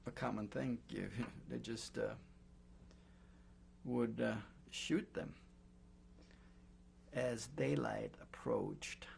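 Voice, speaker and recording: An older man recounting his memories in an oral history interview, speaking in a halting way with many pauses and fillers. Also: medium pitch, wildly swooping pitch, gravelly, darkish tone, a little hiss or hum. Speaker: Holocaust survivor giving testimony.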